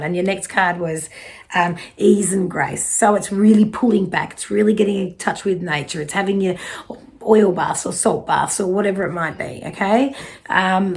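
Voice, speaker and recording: A woman's voice: medium pitch, a little mellow. A middle-aged woman with an Australian accent, giving a casual, reassuring psychic card reading and swearing now and then.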